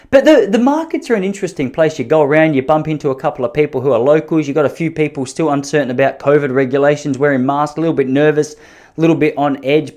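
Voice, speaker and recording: Slightly high and a little mellow, this is the voice of an Australian podcaster in his thirties. He talks alone in a relaxed, joking manner, wandering through self-mocking anecdotes.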